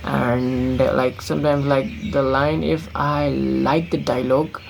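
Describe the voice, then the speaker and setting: Young nepali guy doing a vlog, americanized accent, lots of "you know", a bit gravelly, blunt about not caring what people think. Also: mid-range voice, flat delivery, measured pace, noisy background. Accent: American-influenced English, learned from films. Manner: rambling, many fillers, blunt and defiant. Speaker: vlogger. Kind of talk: casual talking-to-camera vlog.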